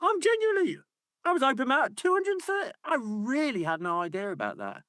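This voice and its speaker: A man's voice: very high voice, wildly swooping pitch, a little fast, bright, forceful tone, no room sound, clean studio sound. A man co-hosting a football podcast, ranting in a casual, sweary way and slipping into mocking voices. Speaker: podcast co-host.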